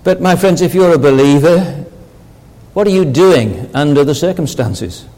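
A preacher delivering a sermon, earnest and building to emphatic rhetorical questions. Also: male voice, on the high side, lively intonation, normal speed, dark tone, in a large hall, low-quality recording. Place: church.

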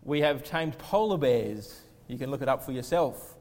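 Earnest pastor preaching in a reverberant church. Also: male voice, medium pitch, animated, a little mellow. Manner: earnest, slows down to stress key words. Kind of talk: sermon. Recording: long reverb of a church hall.

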